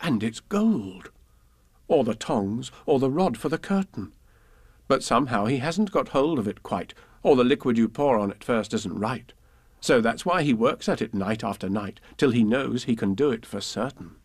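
A man reading children's poems and stories aloud in an expressive, sing-song storytelling manner. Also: mid-range voice, normal speed, husky, dry recording, clean studio sound. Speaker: narrator.

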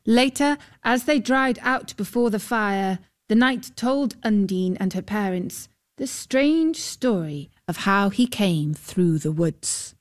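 A woman reading a fairy tale aloud as narrator, calm and measured. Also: mid-range voice. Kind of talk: scripted storybook narration.

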